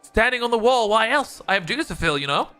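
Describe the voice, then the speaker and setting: A man's voice: high-pitched, animated, fast, sharp tone, smooth, faint music behind. A man voicing a grumbling, defensive male guard stuck on wall duty in a game.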